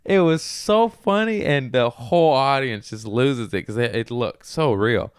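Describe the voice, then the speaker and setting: A man hosting a casual podcast as a comedian, telling rambling, profane stories with excitable bursts. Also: medium pitch, unhurried, clean tone, no echo, clean studio sound.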